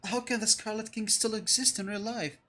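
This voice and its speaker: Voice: mid-range voice, steady tone, brisk, fairly bright tone, slight background noise, pitched above the performer's own voice, lightly acted. A reader voicing a flustered, polite young woman. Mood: alarmed. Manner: apologetic, hesitant. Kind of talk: fan reading of game dialogue.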